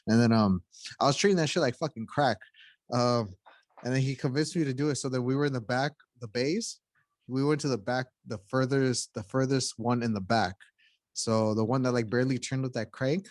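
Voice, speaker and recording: A young man with a mid-pitched voice swaps stories with friends on a podcast. He is loose and profane, and he laughs his way through each tale. His voice sits close on the mic in a dry, dead room. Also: brisk, no room sound. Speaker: podcast co-host. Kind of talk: casual storytelling among friends.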